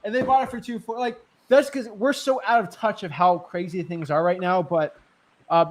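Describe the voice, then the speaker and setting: A man guest in a casual chat, telling deal stories in an animated way and laughing as he recounts them. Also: high-pitched, moderate pace, slight background noise. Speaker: real estate wholesaler, guest.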